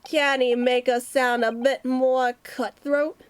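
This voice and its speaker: Girl putting on cockney brothers, shifty little crooks, high voice, slow and slangy. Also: level tone, a little hiss or hum. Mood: defensive. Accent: Cockney put-on. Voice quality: rough street slang. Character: two scrappy Cockney brothers, petty thieves.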